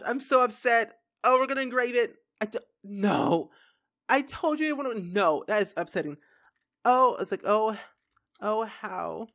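A young woman casually commenting on her own gameplay, chatty and quick to react. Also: medium pitch, a bit bright. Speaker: gaming YouTuber. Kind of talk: casual let's-play commentary.

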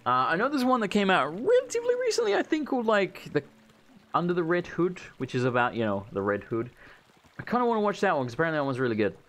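Joking Australian-sounding gamer. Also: male voice, high voice, fast talker, a little hiss or hum. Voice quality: animated, joking, rambling. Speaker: gaming YouTuber. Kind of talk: let's play commentary.

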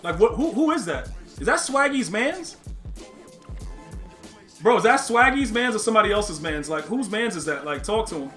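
A young man with a high, sharp, bright voice calls his own football game live for his chat. His delivery is loose, slangy and excitable, and he often bursts into yelling at his opponent. Faint music runs underneath. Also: normal speed, pauses often. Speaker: video game streamer. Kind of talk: live gameplay commentary to chat.

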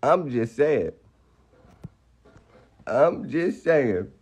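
A man's voice: medium pitch, big pitch swings, extremely slow, a little mellow, slightly rough, lo-fi sound. A young man ranting on a phone live stream, heated and profane, firing off rhetorical questions. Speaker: livestreamer.

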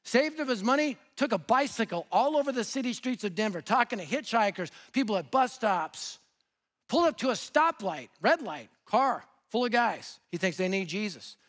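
A man with a high voice preaches a sermon through lively stories. He swings from punchy emphasis to hushed, quiet lines. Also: moderate pace. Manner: animated, swings from loud to hushed. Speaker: guest preacher. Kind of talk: sermon storytelling.

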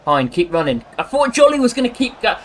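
A man's voice: high-pitched, big pitch swings, a little fast, slight background noise. A man joking and grumbling his way through casual football game commentary. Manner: sarcastic and jokey, with bursts of frustration. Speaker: gaming commentator.

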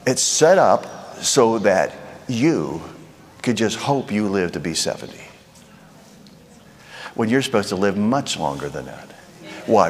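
A man's voice: fairly low pitch, long reverb tail. A man preaching a sermon in a conversational way, asking the crowd rhetorical questions.

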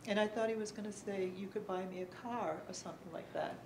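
A middle-aged woman giving earnest personal testimony as a panelist at a conference, speaking haltingly with pauses and fillers. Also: mid-range voice, roomy sound, background noise. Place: conference room.

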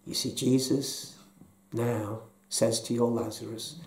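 A male pastor delivers a slow, hushed sermon, often sinking to a near whisper. His voice is mellow and dark. The room around him rings with echo. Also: mid-range voice, flat delivery, creaky. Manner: slow, soft-spoken, dropping to near whispers.

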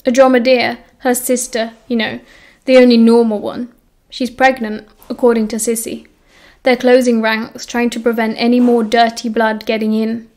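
A woman with a British accent reading the lines of a bitter, dramatic teenage boy wizard who enunciates crisply. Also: fairly high pitch, level tone, normal speed, a little mellow, lightly acted.

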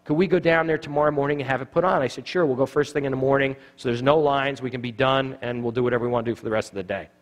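A man's voice: medium pitch, very fast, hardly any pauses. A middle-aged man teaching evangelism at a church, telling stories and acting out the dialogue. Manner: animated storyteller acting out dialogue. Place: church sanctuary.

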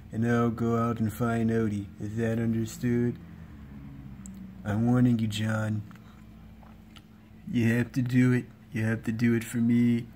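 A lazy, bossy male cartoon cat who lives for lasagna, as a man does his impression of him. He talks in a flat, droning drawl that barely rises or falls. A faint hum sits under the recording. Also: mid-range voice, natural voice.

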